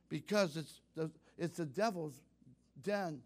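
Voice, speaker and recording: A man's voice: high-pitched, lively intonation, unhurried. Fervent older man preaching. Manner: fervent, rising to loud exclamations; folksy, addresses youth directly. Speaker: pastor. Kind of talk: sermon.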